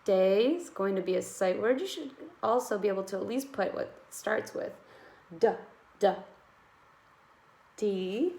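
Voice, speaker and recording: Slow, patient kindergarten teacher woman. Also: medium pitch, animated, mellow, echoey room. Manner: slow, sounds out letters, encouraging. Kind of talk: remote writing lesson for young children.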